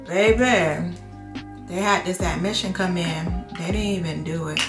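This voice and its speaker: A woman nurse vlogger telling a work story in casual chat, slangy and animated, acting out what people said. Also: on the low side, measured pace, reverberant, music in the background. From Florida. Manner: animated, slangy, acts out quotes.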